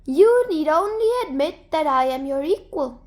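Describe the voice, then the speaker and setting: A woman voicing a sly little male hare in a storybook tale, calling out in a soft, drawn-out, faraway voice. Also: sits high, animated. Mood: teasing.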